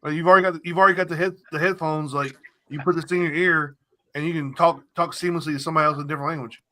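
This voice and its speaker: A man's voice: fairly high pitch, steady tone, racing, bright, forceful tone. A man co-hosting a casual podcast, rambling and swearing freely while repeating his phrases. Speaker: podcast co-host.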